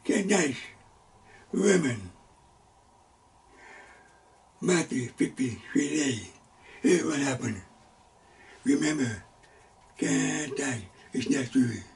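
A man teaching a Sunday school Bible lesson in halting, broken phrases, sometimes bursting out loudly. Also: mid-range voice, very animated, gravelly, recorded from a distance. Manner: halting, broken phrases with sudden loud exclamations. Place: church classroom.

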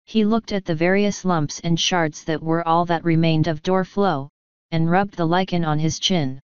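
A woman narrating an audiobook in a steady, measured reading. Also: on the low side, smooth, no echo, muffled recording.

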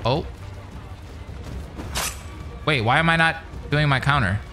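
A young man giving casual, excitable let's-play commentary, often laughing and exclaiming. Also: fairly high pitch, slow, music in the background. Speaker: gaming commentator.

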